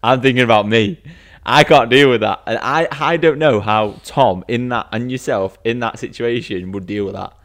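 A man's voice: medium pitch, normal speed, fairly bright tone. A man co-hosting a casual golf chat, teasing his co-host and reading out stats. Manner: teasing, reads stats aloud, laughs often. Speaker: podcast co-host.

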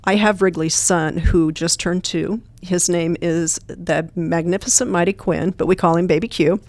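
A woman's voice: lowish voice, fairly even intonation, moderate pace, a little mellow, no echo. A woman guest who trains therapy dogs, telling earnest, plain-spoken stories in an interview. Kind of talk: storytelling interview answers.

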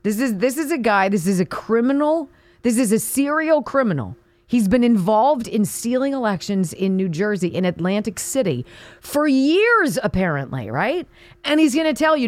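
A woman hosts a political talk radio show with an American accent, her voice sitting high and leaping around as she mocks and rails. She's emphatic and sarcastic, close on a studio mic with a dry sound. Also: big pitch swings, moderate pace, dry recording. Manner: indignant, sarcastic, emphatic, mocking.

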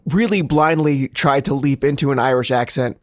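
A man's voice: mid-range voice, normal speed, dry recording, clean studio sound. A man co-hosting a comedy podcast in casual chat, rambling and self-deprecating, with many restarts. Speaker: podcast co-host.

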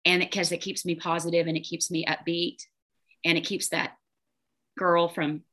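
A woman business coach talking casually in an interview, animated, acting out the voices in her head. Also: lowish voice, moderate pace. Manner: animated, acts out quoted inner voices.

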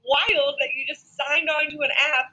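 A woman co-hosting a podcast in casual chat, dry and quick with quips. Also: sits high, fairly even intonation, muffled recording, background noise. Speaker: podcast co-host.

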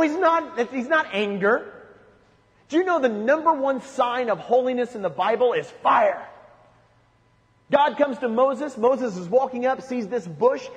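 A man preaching a sermon, emphatic, with rhetorical questions and lists. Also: high-pitched. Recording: long hall reverb.

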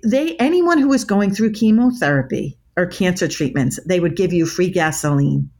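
Middle-aged female expert guest, slightly low pitch, animated and emphatic storyteller. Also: moderate pace. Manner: emphatic, restarts words often. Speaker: body language expert guest.

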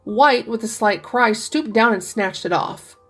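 A woman narrating a classic short story as a podcast reading, measured and steady, slowing for the characters' lines. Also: on the high side, slightly rough, soft background music. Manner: measured storytelling, slows for quoted speech. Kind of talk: scripted audiobook reading.

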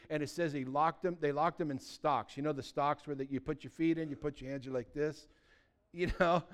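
A man preaching a sermon, telling stories with lively acted-out voices, swinging from loud and urgent to quiet and earnest. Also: on the high side. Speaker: pastor.

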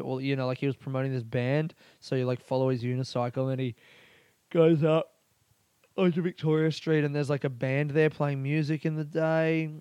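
Guy rambling on his solo podcast, swears a lot, smooth clear voice. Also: medium pitch, a little mellow, no echo. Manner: rambling, profane and laughing. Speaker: podcast host. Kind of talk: casual solo podcast monologue.

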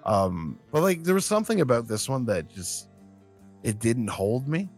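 A man's voice: medium pitch, big pitch swings, moderate pace, darkish tone, breathy edge, faint music behind. A young man co-hosting a podcast, speaking in a hesitant, rambling way with frequent restarts. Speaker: podcast co-host. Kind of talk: casual chat.

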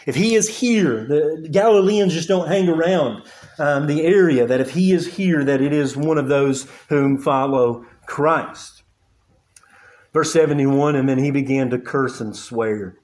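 A man preaching a sermon, earnest and halting, with frequent fillers and repeated words as he works through the scripture. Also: on the high side, a little mellow. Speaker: pastor.

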